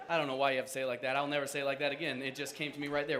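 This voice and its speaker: A man preaching a casual sermon as pastor. He is conversational and animated, and he jokes about himself. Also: mid-range voice, racing, hardly any pauses. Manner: conversational, self-joking, animated.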